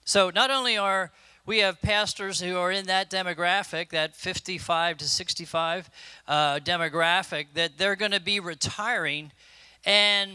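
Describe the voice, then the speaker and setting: A man speaks at a conference in a halting, unscripted way, full of fillers and restarts. His voice is high, very bright and crisp. The sound is dry and close. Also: steady tone, no echo. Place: conference room.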